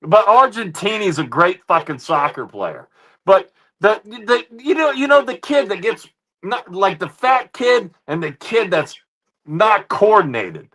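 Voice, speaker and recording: High-pitched guy yelling and cursing at his stream chat, heated rant. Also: sing-song, a little slow. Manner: heated, swearing, repeats "ladies and gentlemen". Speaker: livestream host reacting to chat. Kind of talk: profane livestream rant.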